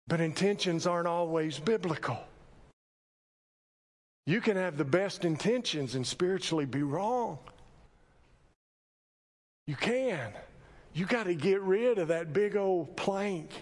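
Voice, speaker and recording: A man preaching a sermon, telling folksy stories with sudden loud emphasis. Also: high-pitched, measured pace, big-room sound. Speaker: pastor. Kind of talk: sermon with personal storytelling. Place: church sanctuary.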